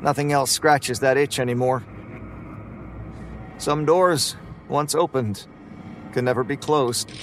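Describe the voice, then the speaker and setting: A man's voice: mid-range voice, slow, long pauses, a bit bright. Male horror narrator, weary and grim first-person delivery, faint hiss behind.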